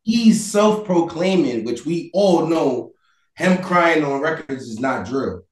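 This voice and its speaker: A high-pitched man argues his point in a loud, heated way, swearing freely and breaking into shouts. His voice rings in an echoey room. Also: takes it slowly, far from the mic. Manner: loud, animated, profane, argumentative, often shouting. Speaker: interview guest. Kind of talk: heated casual debate.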